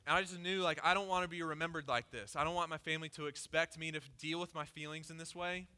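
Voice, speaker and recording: A pastor giving a conversational sermon, candidly telling a personal story with lots of "like" fillers. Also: male voice, on the high side, steady tone, fast, bright, forceful tone, clear, resonant tone. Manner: casual and candid, peppered with "like".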